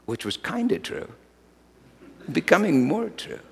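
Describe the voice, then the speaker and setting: A middle-aged man preaches with huge swings, shouting one moment and nearly whispering the next. His voice sits a little high and leaps widely in pitch. A long reverb from a large hall trails each phrase. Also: sing-song, measured pace, slightly rough. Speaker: pastor. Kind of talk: sermon.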